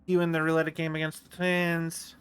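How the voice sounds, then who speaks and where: A man's voice: fairly high pitch, monotone, normal speed, fairly bright tone, smooth. A man streaming a video game, rambling and chatting with viewers and laughing a lot. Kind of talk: casual gameplay commentary.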